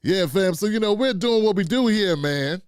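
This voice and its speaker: High-voiced chatty man hosting a live stream. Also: animated, moderate pace, clear, resonant tone, no echo, studio quality. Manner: loose and chatty, talks to chat and producer, frequent "man" and "fam". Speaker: live-stream show host. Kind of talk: casual live-stream chat.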